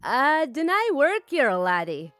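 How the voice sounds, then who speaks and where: A woman's voice: sits high, very animated, a little slow, a bit bright, no room sound, soft background music, pitched above the performer's own voice, exaggerated voice. A woman voicing a puzzled older Scottish man with a thick accent, polite and bewildered.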